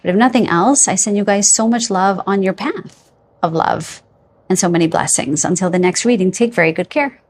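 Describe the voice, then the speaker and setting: A woman giving a pick-a-card psychic reading to camera, feeling her way through names with hesitations and gently reassuring her viewers. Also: medium pitch, moderate pace. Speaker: tarot card reader.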